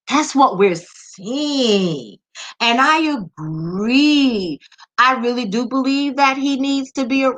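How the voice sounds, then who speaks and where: A woman's voice: on the high side, a bit bright. A woman giving impassioned social commentary, talking straight to her audience with emphatic repetition and rhetorical questions. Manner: direct address to the audience.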